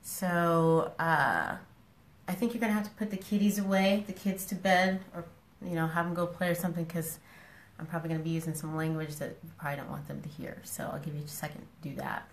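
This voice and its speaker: A woman's voice: low-pitched, steady tone, brisk, echoey room. A woman talking casually and frankly to her followers on a live stream, scolding them with affection and repeating herself. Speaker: social media personality talking to followers.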